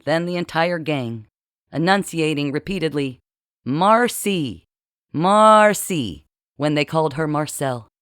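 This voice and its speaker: A narrator reading a comic time-travel story with a wry, deadpan delivery. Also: medium pitch, no echo, studio quality.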